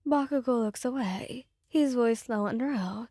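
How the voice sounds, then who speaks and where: Woman, soft ASMR storytelling, somber and quiet, mellow fairly high voice, dry close sound. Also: measured pace, few pauses, dry recording. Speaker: narrator.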